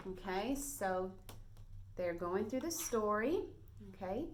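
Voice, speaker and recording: A woman teaching a first grade reading lesson to young children, speaking slowly and encouragingly and sounding out words clearly. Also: on the low side, a little mellow, slight background noise.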